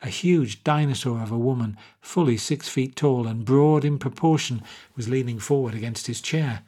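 A man reading a short story aloud in a measured, wry narration. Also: mid-range voice, mellow, husky. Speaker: audiobook narrator. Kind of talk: scripted narration.

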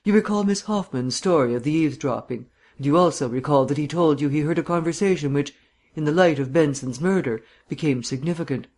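A man voicing a suave, bantering gentleman sleuth with bland, mannered phrasing in an audiobook reading. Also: a little high, a little fast. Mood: earnest.

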